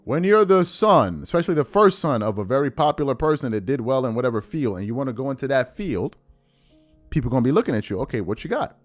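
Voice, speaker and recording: A man's voice: mid-range voice, lively intonation, quick pace, faint music behind. A man hosting a sports podcast, giving emphatic, repetitive commentary on a clip he just played. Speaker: podcast host.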